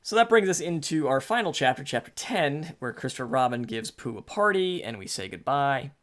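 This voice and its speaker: A man in his forties, co-hosting a podcast, retelling a book in a relaxed, rambling way. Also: mid-range voice, fairly quick. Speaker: podcast co-host. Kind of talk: casual book discussion.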